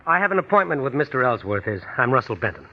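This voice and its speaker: A man's voice: mid-range voice, big pitch swings, quick pace. An actor playing a nervous, scheming young man who protests defensively, in 1940s radio acting. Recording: dull 1940s radio recording.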